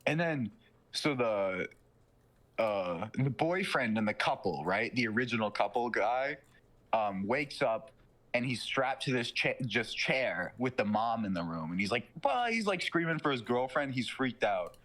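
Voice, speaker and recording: A young man in casual podcast chat, retelling a movie plot with slangy, profane excitement and quick mocking character voices. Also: mid-range voice. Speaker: podcast co-host.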